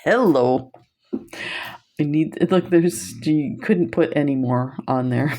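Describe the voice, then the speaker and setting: A woman's voice: low-pitched, slow pace, mellow. A woman presenting beads on camera in a casual chat, telling stories and laughing often. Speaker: bead shop video presenter.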